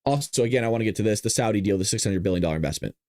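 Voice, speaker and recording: Talking rapid-fire, this political commentary host keeps things casual and jokey, laughing frequently and breaking into high-pitched silly voices with lots of animation. The studio-quality sound is dry.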